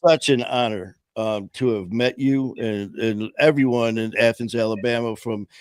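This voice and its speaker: A man hosts a casual streamed interview at a middle pitch. He rambles through long sentences with fillers and restarts. His voice sounds dry and close. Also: steady tone, moderate pace, clean tone, no echo. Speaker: host. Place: home studio on a live stream call.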